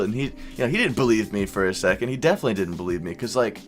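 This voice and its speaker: A young man vlogging, casually telling a wild night's story with lots of swearing and animated quoted voices. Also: fairly low pitch, rapid-fire, soft background music. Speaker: YouTuber.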